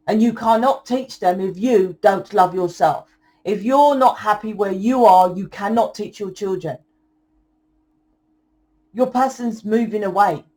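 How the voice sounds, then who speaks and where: A young woman giving a channeled tarot reading in a forceful, blunt lecturing way, swearing often. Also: medium pitch. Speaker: tarot reader.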